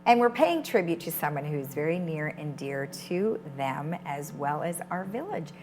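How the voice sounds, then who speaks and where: A woman's voice: deep voice, animated, normal speed, a little mellow, a little hiss or hum. A woman hosting a community television interview, upbeat and encouraging as she draws out her guests. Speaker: TV show host. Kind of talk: friendly interview chat. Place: television studio.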